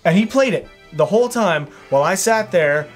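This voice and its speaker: A man's voice: sits high, lively intonation, moderate pace, soft background music. A man co-hosting a casual chat, telling his side of a story in a teasing, sarcastic way. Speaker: co-host.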